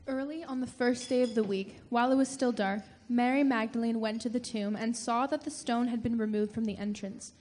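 A woman narrating scripture aloud to a church in a clear, earnest way. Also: fairly high pitch, fairly even intonation, a little fast, hardly any pauses, a little mellow. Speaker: scripture reader. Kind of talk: dramatic scripture reading.

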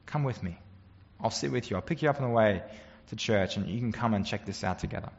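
A man's voice: on the low side, quick pace, creaky, long reverb tail, lo-fi sound. A man preaching a sermon as a pastor, conversational and earnest, often asking the congregation rhetorical questions.

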